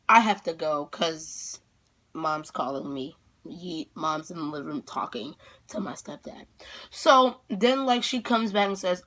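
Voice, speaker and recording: A female vlogger telling a dramatic story-time tale with excitable energy, packed with fillers and sudden outbursts. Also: on the low side, unhurried.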